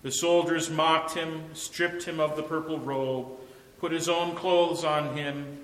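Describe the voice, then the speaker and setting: A man narrating a scripture passage in a measured, solemn liturgical reading. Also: fairly high pitch, level tone, a bit bright. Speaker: scripture reader. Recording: reverberant church.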